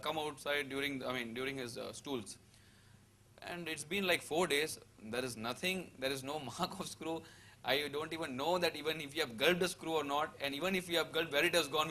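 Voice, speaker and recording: Male, 30s, testimony speaker, bright tone, hesitant with lots of fillers. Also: a little high, slight background noise. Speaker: seminar attendee giving a testimony. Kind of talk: personal testimony.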